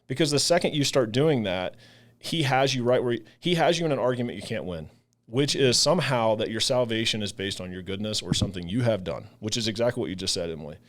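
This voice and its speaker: A ministry leader who co-hosts a podcast talks earnestly in a casual faith discussion, acting out the voices he quotes. His low-leaning voice is expressive and fast, and he sounds emotional, his voice catching.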